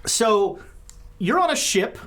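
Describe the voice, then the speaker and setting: A woman narrating as game master of a tabletop horror game, her voice sitting in an ordinary middle pitch. She talks in a chatty way, dropping joking asides between setting the scene. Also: sing-song, slow pace, a bit bright.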